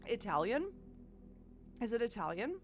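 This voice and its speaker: A woman's voice: on the high side, sing-song, a little slow, soft background music. A woman streaming a puzzle game live, thinking aloud and chatting with her viewers, with frequent restarts. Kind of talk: live gameplay commentary.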